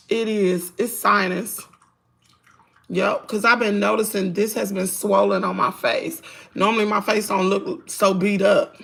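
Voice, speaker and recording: A hoarse woman with a Southern US accent, chatting to viewers in her home kitchen on a phone livestream. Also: medium pitch, fairly bright tone. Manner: chatty, talks straight to viewers, says y'all a lot. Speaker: livestream host. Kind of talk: casual livestream chat while cooking.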